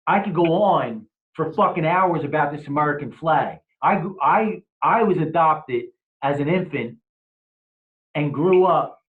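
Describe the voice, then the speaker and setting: A man's voice: fairly high pitch, animated, a little slow. A man hosting an interview, steering the talk with blunt, profane remarks. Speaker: podcast host. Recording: tinny phone-like sound.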